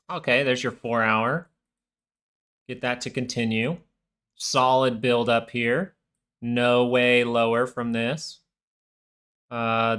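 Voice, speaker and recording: A man talks through charts on a live market stream in a loose, rambling way, often restarting his sentences. His pitch sits at an ordinary middle level for a man. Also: bright, forceful tone, smooth. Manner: casual, rambling, many restarts. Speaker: stock market livestream host.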